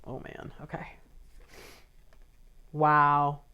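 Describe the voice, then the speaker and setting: A woman's voice: low-pitched, monotone, drawn-out words, clean tone, dull audio. A woman giving a casual, emotional tarot reading and talking straight to her viewers. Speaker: tarot reader.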